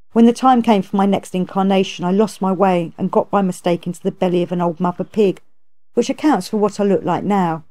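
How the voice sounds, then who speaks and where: A woman's voice: mid-range voice, mellow, close to an everyday voice. A woman reading aloud, voicing a gluttonous, boastful male pig monster who blusters and pleads.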